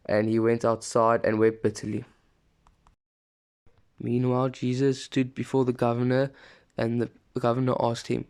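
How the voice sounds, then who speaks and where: A man reading a scripture passage aloud, steady and plain, with the odd small slip and restart. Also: medium pitch, normal speed, clear, resonant tone. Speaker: scripture reader.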